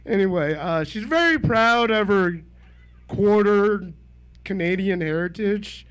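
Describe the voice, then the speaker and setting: A man in his thirties does stand-up at a small club mic. His voice sits high and he takes it slowly. He is deadpan and self-deprecating and chuckles at his own lines. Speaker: stand-up comedian. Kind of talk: stand-up set at an open mic. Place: small comedy venue.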